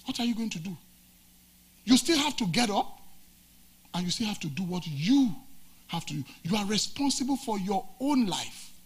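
A man from Nigeria preaching a sermon in a fairly high, husky voice. He swings between loud, emphatic lines and low, quiet asides. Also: sing-song, moderate pace, long pauses. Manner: preaching with dramatic swings of pitch and volume. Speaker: pastor.

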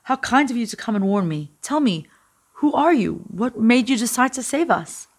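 A wise old rabbi speaks with gentle kindness, voiced by a woman reading a storybook aloud. His words are calm and patient, sitting close to her own natural voice. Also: fairly high pitch, moderate pace, voice pushed up. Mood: earnest. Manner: gentle, kindly.

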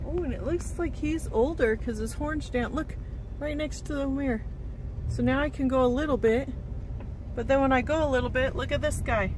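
A woman's voice: sits high, moderate pace, noisy background. A woman vlogging a road trip, gushing and a bit out of breath as she talks to her camera. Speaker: RV travel vlogger. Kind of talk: excited travel vlog. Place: outdoors by a geyser, then inside her vehicle.

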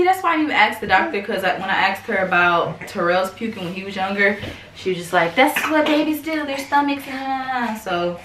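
Speaking at a moderate pace in an animated, mid-range voice that's a bit bright, a mother from the United States chats with her vlog viewers and turns to her baby now and then. The mic sounds roomy and somewhat distant, with faint ambience and slight background noise.

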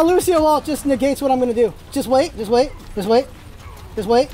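A let's play host giving excited gameplay commentary, yelping, swearing freely and repeating words in rapid bursts. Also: sits high. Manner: swears freely when things go wrong.

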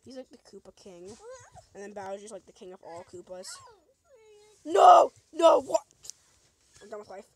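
Amid crowd noise, a young woman gives quick, steady-toned, medium-pitched commentary on a video game she's playing. It's a casual let's play: she clowns around, chats with the enemies, and shrieks whenever she's in danger.

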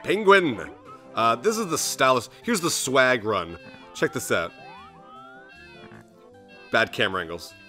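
A young man narrating his own platform game run with jokey, excitable commentary. His bright voice swings widely in pitch, and faint music plays underneath. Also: measured pace, long pauses. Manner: jokey, excitable, jumps into squeaky put-on voices. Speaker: let's play host. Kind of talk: gameplay commentary.

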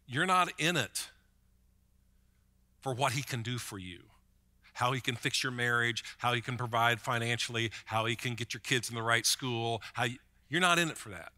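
A man's voice: mid-range voice, normal speed, pushed and bright. A man preaching a sermon as pastor, in a conversational way, often repeating a word as he starts a thought.

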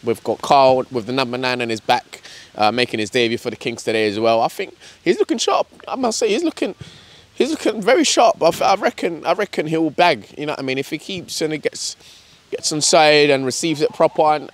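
A young man giving excitable, partisan commentary on his club's match outdoors. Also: on the high side, brisk. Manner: excitable, partisan, casual slang. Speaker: club commentator. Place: outdoors at a football pitch. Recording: loud crowd around the mic. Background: crowd noise.

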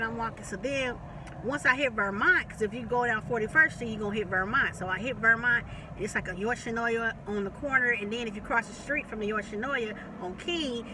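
A woman telling a long personal story in a casual, animated way, repeating phrases, swearing and laughing. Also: a little high, distant mic, background noise. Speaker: vlogger.

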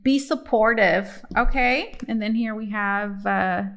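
A young adult woman giving a casual tarot reading, chatty and relaxed, with frequent fillers and restarts. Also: medium pitch, takes it slowly, clean tone. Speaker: tarot reader.

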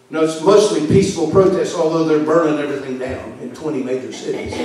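High-voiced preacher man in an echoey church. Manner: emphatic, forceful preaching with sudden drops in volume. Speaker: pastor. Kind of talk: fiery sermon. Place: church sanctuary. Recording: echoey church hall from far off.

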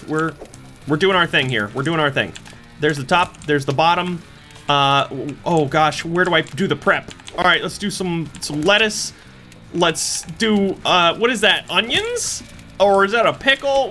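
Lively, bright young man playing a game. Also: sits high, unhurried, faint music behind. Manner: playful, talks to customers in a cheery service voice. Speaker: gaming YouTuber. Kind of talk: let's play commentary.

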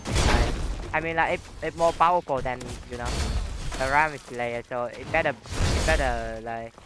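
Over a very noisy recording, a young man with a mid-range voice talks at normal speed while playing a game. His commentary is loose and filler-packed, mixing trash talk aimed at opponents with sudden yelps when he takes a hit.

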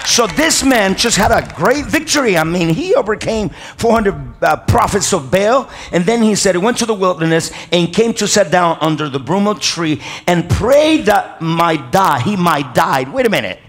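High-voiced preacher man, super animated, long echo from a big church. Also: moderate pace, hardly any pauses, breathy edge, faint music behind. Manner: emphatic preaching, calls for amens, repeats key phrases. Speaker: pastor. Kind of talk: sermon. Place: large church hall. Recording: long reverb of a church hall.

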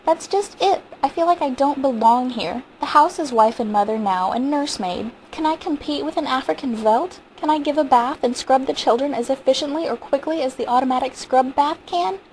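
A woman's voice: fairly quick, hardly any pauses, darkish tone, a little hiss or hum, low-quality recording. A woman reading aloud, voicing an anxious, frightened wife with a tense, pleading manner. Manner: tense, pleading, high-strung. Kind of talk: audiobook reading.

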